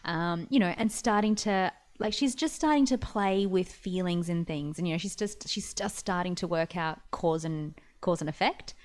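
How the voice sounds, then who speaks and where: A woman's voice: on the low side, normal speed, few pauses. A woman, a guest on a podcast, chatting animatedly and laughing easily. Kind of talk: casual podcast conversation.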